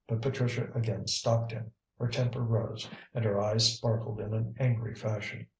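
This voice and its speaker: A man narrating an audiobook in an even, measured reading. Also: on the low side, creaky. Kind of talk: scripted narration. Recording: roomy, distant mic.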